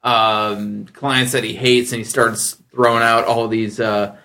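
A man in his thirties hosting a casual podcast, telling stories with lively energy and jumping high when he quotes other people. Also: unhurried. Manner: animated storyteller, jumps high when quoting others. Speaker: podcast host.

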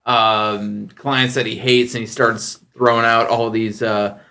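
A man in his thirties hosting a casual podcast, telling stories with lively, acted-out voices for other people. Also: measured pace. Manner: animated storyteller who acts out other people in a high voice. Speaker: podcast host.

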